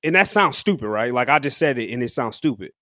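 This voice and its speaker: A man's voice: medium pitch, animated, fast, pushed and bright, no room sound, studio quality. A man co-hosting a podcast, chatting casually about new music in slangy talk, breaking into laughter often and restarting his sentences. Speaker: podcast co-host. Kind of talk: casual music review chat.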